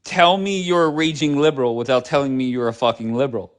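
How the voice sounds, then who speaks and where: A man's voice: medium pitch, fairly even intonation, quick pace, smooth. A man hosting a live stream, talking bluntly and sarcastically with a lot of swearing. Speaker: livestream host. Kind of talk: casual live-stream chat.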